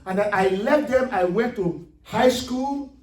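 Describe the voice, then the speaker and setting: A male pastor preaching a sermon, rising to emphatic shouts as he reads scripture. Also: high-pitched, a little slow. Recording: echoey room, mic at a distance.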